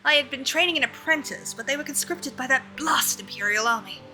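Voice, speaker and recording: A weary old villager speaks in a mock British accent, formal and old-fashioned, as quest dialogue read aloud by a woman streamer. The voice sits high and very bright despite the aged role, with faint game music underneath. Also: brisk, low-quality recording. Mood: solemn.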